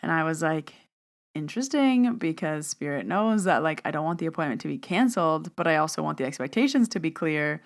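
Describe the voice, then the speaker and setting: A woman's voice: sits low, animated, fast talker, few pauses. A woman hosting a podcast, telling a personal story in a casual, chatty way, full of "like" and acted-out back-and-forth dialogue. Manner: chatty, peppered with "like", acts out quoted exchanges. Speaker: podcast host and medium.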